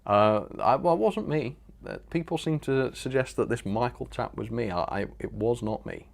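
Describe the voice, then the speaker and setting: A man's voice: mid-range voice, lively intonation, moderate pace, vocal fry. A man hosting a live stream, chatting casually and rambling as he reads out viewer comments with frequent chuckles.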